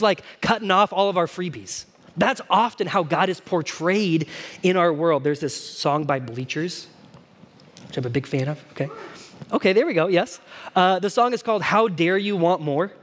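A man's voice: high voice, a little fast. A man preaching a sermon to his congregation in a casual, conversational way, often asking them questions. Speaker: pastor. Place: church hall.

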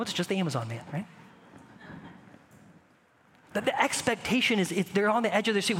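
High-voiced man preaching in a hall. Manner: animated, conversational preaching with rhetorical questions. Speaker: pastor. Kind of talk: sermon.

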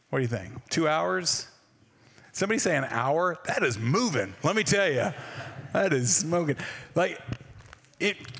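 Casual preacher in a reverberant hall. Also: male voice, a little high, fairly bright tone. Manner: conversational, asks the congregation questions. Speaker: pastor. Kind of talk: sermon.

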